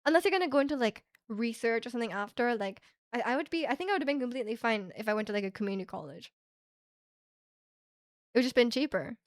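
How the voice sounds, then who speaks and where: A young woman from Canada chatting with her live stream audience, her voice sitting a little higher than most. She rambles through her thoughts with plenty of filler words and easy laughter. The sound is close and dry, with no room around it. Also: expressive, quick pace, no room sound. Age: young adult. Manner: rambling, heavy use of "like" fillers, frequent laughs. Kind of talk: casual chat reading stream chat.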